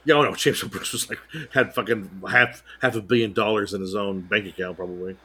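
A man's voice: on the low side, fairly even intonation, a little fast, sharp tone, husky. A man co-hosting a podcast in casual chat, crude and jokey, slipping into mock British voices. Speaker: podcast co-host.

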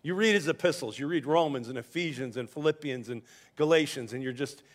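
A man's voice: medium pitch, fairly quick. A man preaching a sermon, teaching from scripture in a conversational way with personal stories and some stumbling restarts. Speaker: pastor.

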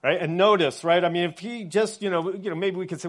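A man preaching a sermon in a conversational way, often checking in with his listeners and dropping soft and quiet on reflective points. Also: sits high, fairly even intonation, fast, hardly any pauses. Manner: conversational, often adds "right?" as a tag. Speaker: pastor.

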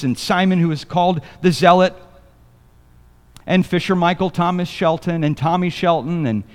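A man's voice: sits high, smooth, long reverb tail. A man preaching a sermon as pastor, reading scripture and joking with the congregation in a loose, conversational way. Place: church sanctuary.

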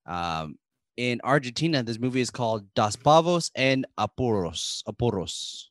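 A man's voice: mid-range voice, sing-song, moderate pace, no echo, studio quality. A man co-hosting a casual podcast chat. He reads out foreign titles playfully and stumbles over the words. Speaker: podcast co-host.

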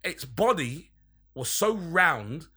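A man's voice: fairly high pitch, very animated, slow pace, pushed and bright, breathy edge. A young man telling a long, rambling, sweary anecdote in casual chat among friends. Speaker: podcast storyteller.

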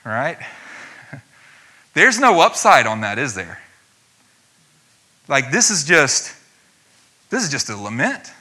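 A man's voice: medium pitch, very animated, slow pace, long pauses, bright, forceful tone, breathy edge. A man preaching an earnest, conversational sermon and reading scripture aloud, with frequent fillers and restarts.

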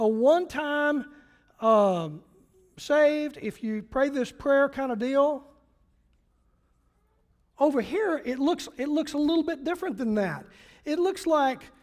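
High-pitched preacher, lively, reads scripture out and quizzes the crowd. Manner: animated, asks the congregation questions; reads and paraphrases scripture aloud. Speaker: pastor. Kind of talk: sermon.

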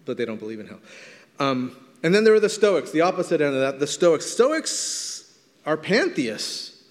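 A man's voice: a little high, big pitch swings, normal speed. A man preaching a sermon as pastor, teaching in a conversational way and stretching words for emphasis. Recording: long hall reverb.

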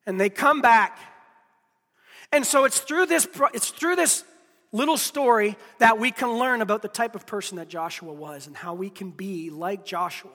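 A man's voice: high-pitched, normal speed, sharp tone, long reverb tail. A man preaching a sermon, emphatic, repeating key phrases and speaking straight to his listeners. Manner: addresses listeners directly. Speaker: pastor.

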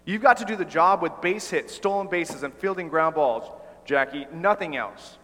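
A man voicing an emphatic male baseball general manager with a forceful, insistent manner, in a reverberant hall. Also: medium pitch, animated, quick pace, close to an everyday voice.

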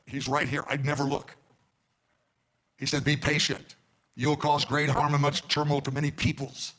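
Male preacher, flat storytelling delivery, quotes dialogue in his stories, halting restarts. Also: fairly high pitch, low-quality recording. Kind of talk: recorded sermon storytelling.

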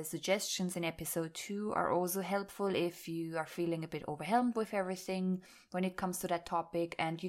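A woman hosting a self-care podcast, talking casually and laughing often as she speaks. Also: lowish voice. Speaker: podcast host. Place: rural home near fields.

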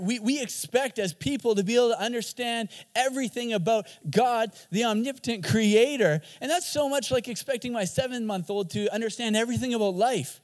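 A man preaching a sermon in an energetic, joking and emphatic way. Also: sits high, in a large hall. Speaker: pastor.

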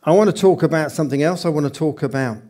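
A man preaches in church, his tone chatty and warm toward the people in front of him. He stops often to put questions to the congregation. His voice carries through a microphone. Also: on the high side, fast. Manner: conversational, asks the congregation questions. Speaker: pastor. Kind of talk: church sermon. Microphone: handheld microphone.

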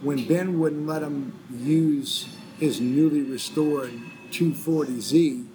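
A man from New Orleans tells his story in a loose, rambling way and drops in the voices of the people he quotes. His voice sits a little high for a man. There is a clear layer of background noise behind him. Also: slow pace. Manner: rambling, swears freely, acts out quoted voices. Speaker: guest musician telling his story. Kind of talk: casual storytelling interview.

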